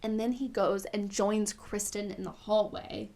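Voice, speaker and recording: A woman hosts a podcast recapping TV, chatting casually and opinionatedly with plenty of fillers. Her medium-pitched voice has vocal fry and a darkish tone, with fairly even intonation and a measured pace.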